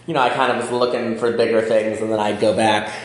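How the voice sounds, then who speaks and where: A man's voice: lowish voice, flat delivery, fast talker, echoey room. Wry Midwestern man in his forties. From outside Chicago. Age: 40s. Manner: chatty, wry and self-deprecating. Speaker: magazine editor and guest. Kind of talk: casual interview chat.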